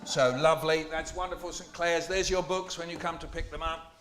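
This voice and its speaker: Brief: a playful poet host working a room of schoolchildren, slightly high voice, echoey hall. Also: male voice, a little fast, a little hiss or hum. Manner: playful, jokey, animated, asks the children questions. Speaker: children's poet hosting a school poetry launch. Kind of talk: lively performance to schoolchildren.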